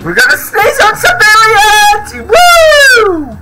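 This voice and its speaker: A man commenting on his own game as he plays, excitable, often shouting and laughing. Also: very high voice, slow pace, soft background music, low-quality recording. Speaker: gaming video creator.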